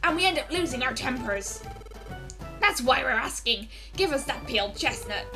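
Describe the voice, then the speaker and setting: A woman voicing a gruff, pushy gang of monkey creatures in a game playthrough, with a gravelly put-on voice. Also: high-pitched, expressive, moderate pace, music in the background. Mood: demanding. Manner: pushy, demanding.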